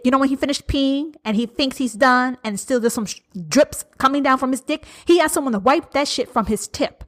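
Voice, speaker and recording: A woman's voice: high-pitched, brisk, few pauses. A woman hosting a podcast, delivering a heated, profane, sarcastic political rant. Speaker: podcast host.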